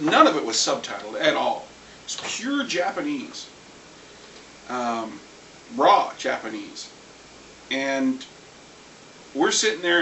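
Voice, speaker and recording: A man ranting casually about anime, rambling and animated, swearing now and then. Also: a little high. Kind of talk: casual rant. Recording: echoey room, far from mic, faint hiss.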